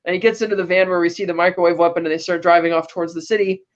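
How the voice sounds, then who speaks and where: A man's voice: high voice, flat delivery, rapid-fire, muffled recording. A man co-hosting a podcast, retelling a movie scene by scene in a loose, rambling way and paraphrasing the characters' lines. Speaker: podcast co-host. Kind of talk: casual movie recap.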